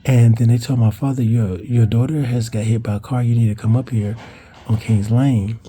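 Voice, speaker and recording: A man recounts a memory in a loose, rambling vlog style. His voice is deeply mellow and dark in tone, at a middling pitch. He trips over his words and jumps his pitch up when acting out what others said. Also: steady tone, moderate pace. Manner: rambling, with restarts and cursing; acts out quoted voices higher in pitch. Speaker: vlogger telling a childhood story. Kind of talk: casual storytelling.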